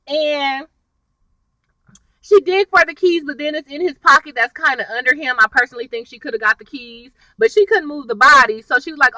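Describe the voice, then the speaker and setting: A young woman gives a chatty, slang-filled recap of a TV episode and acts out the characters' lines as she goes. Her voice is high and very bright, swinging widely in pitch. The sound is dry, with her sitting a little back from the mic. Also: normal speed, no echo, recorded from a distance, low-quality recording. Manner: chatty and animated, lots of slang and y'all. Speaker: TV recap vlogger.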